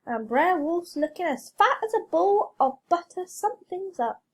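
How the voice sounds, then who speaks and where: A woman's voice: very high-pitched, big pitch swings, moderate pace, pitched above the performer's own voice. A woman voicing a sly, cheeky male rabbit trickster in a storybook reading, eager and innocent-sounding. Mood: puzzled.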